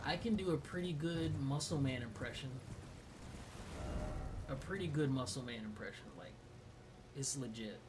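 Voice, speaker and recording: A woman's voice: extremely low pitch, moderate pace, long pauses, far from the mic, noisy background. A woman streaming a video game, chatting casually in a rambling, jokey way. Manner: rambling, jokey, trails off and laughs. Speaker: gaming streamer. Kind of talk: casual chat while gaming.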